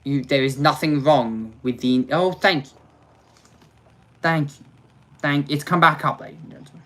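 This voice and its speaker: A man hosts a live racing watch-along and addresses his viewers directly. He speaks at an unhurried, drawn-out pace. His tone is dry and sarcastic, and he often drops into exasperated mutters. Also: on the high side, fairly bright tone. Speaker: motorsport watch-along host.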